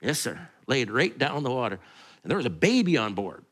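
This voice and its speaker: A man's voice: medium pitch, sing-song, brisk, a bit bright, husky. A male pastor, preaching in a conversational, rambling way full of asides and restarts. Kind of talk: sermon.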